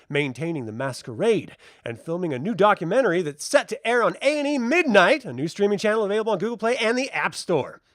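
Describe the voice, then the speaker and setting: A man's voice: fairly high pitch, dry recording, clean studio sound. Playful man running a tabletop game. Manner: playful, laughing. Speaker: game master.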